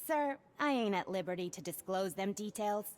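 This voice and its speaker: A woman's voice: mid-range voice, lively intonation, moderate pace, a little mellow, natural voice. Game clerk, formal and indignant, female voice actor. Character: prim, defensive auction house clerk.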